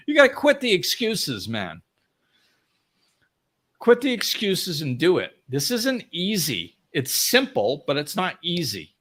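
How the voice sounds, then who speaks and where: A man's voice: a little high, huge pitch swings, slow pace, pauses often, a bit bright. Blunt, emphatic man giving a spiritual talk. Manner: blunt, emphatic, acts out quoted voices. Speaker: spiritual teacher, host. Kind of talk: live talk to listeners.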